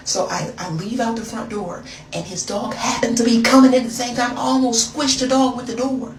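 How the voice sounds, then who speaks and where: A woman's voice: a little high, fairly even intonation, a little fast. A woman telling a dramatic story in a chatty, slangy, casual way, heard in an echoey, noisy room from a distance.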